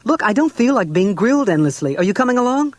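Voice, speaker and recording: A man's voice: fairly high pitch, steady tone, fairly quick, close to an everyday voice. A man voicing a fierce young mother and scientist who fiercely defends her baby. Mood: furious. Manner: sharp, defiant.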